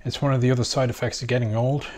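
A tired middle-aged man rambling casually in a deliberately quiet voice while he builds a model kit at home. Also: little pitch movement. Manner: quiet, deliberately low volume.

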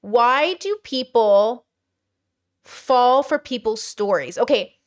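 A woman's voice: a little high, lively intonation, takes it slowly. A woman hosting casual commentary, talking in a chatty way with many fillers and rhetorical questions. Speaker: commentary host.

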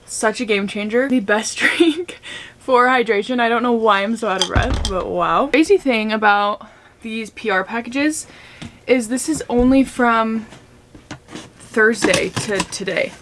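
A woman's voice: a little high, unhurried, a bit bright, a little hiss or hum. A young woman vlogger chatting casually and gushing while she does makeup and unboxes packages at home. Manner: gushing, chatty, many fillers.

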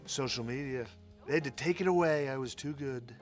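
A man's voice: mid-range voice, brisk, soft background music, voice pushed down, natural voice. A man playing a boastful, crude male president in a comedy sketch, rambling and insulting everyone around him.

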